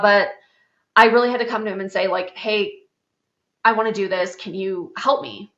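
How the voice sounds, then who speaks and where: A woman in her thirties from South Dakota hosts a podcast, telling her own story in a chatty, candid way peppered with "like" and the occasional swear word. Her medium-pitched voice is fairly bright with fairly even intonation and normal speed, and the podcast sound is roomy and slightly dull.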